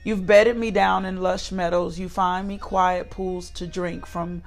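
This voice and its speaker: A woman's voice: on the low side, flat delivery, unhurried, soft background music. A woman leading a morning devotional, moving from murmured repeated thanks into emphatic, restless preaching with many fillers and restarts. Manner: fervent, repetitive prayer building to emphatic preaching; fillers and restarts, talks directly to listeners.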